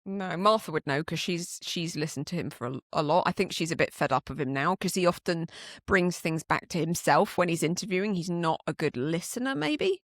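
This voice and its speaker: A woman's voice: fairly low pitch, expressive, a little fast, dry recording, studio quality. A woman from Britain co-hosting a podcast, chatting playfully and laughing easily. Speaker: podcast co-host. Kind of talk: casual conversation.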